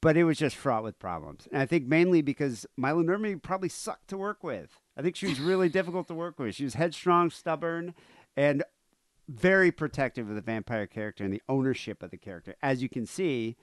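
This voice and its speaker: A man's voice: on the high side, animated, a little fast, dry recording. A man co-hosting a podcast, telling a story in a rambling casual way, full of "uh" and "you know". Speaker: podcast co-host.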